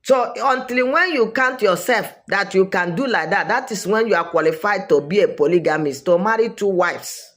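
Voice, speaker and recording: A woman's voice: mid-range voice, animated, moderate pace, hardly any pauses, a bit bright. A woman with a Nigerian accent giving opinionated social commentary, emphatic and repeating her points for weight.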